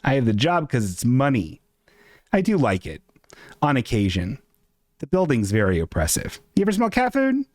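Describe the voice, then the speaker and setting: Streamer host, male, self-mocking ranter, lively pitch, dry close mic. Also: normal speed, dry recording. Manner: animated, self-mocking, jumps into high squeaky voices for quotes. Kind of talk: casual live-stream rant. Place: apartment.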